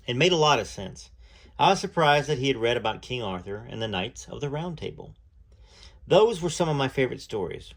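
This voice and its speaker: A very animated man at medium pitch, with noticeable vocal fry, reads a first-person book aloud at a measured pace. He occasionally breaks off to add comments of his own.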